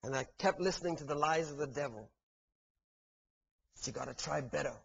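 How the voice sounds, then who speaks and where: A man preaching a sermon earnestly, building to fervent peaks and dropping to soft, quiet lines. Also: fairly high pitch, brisk, vocal fry, slightly rough, highs cut off.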